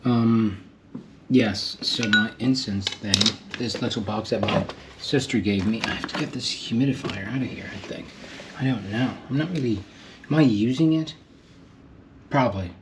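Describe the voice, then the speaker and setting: A man's voice: mid-range voice, moderate pace, heavy background noise. A man, an actor, vlogging in a casual way, thinking aloud and trailing off between thoughts. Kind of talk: casual vlog self-talk. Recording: loud background music.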